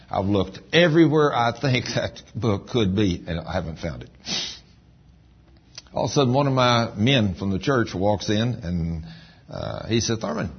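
Folksy preacher man, husky and low. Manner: folksy storytelling, rises in emphasis. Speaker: pastor. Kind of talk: sermon. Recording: dull lo-fi recording.

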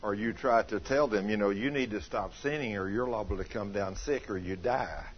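A man's voice: lowish voice, moderate pace, dull audio, a little hiss or hum. A man preaching a folksy sermon, telling stories and acting out what people said. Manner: animated, acts out quoted voices, shouts in anecdotes. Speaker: pastor.

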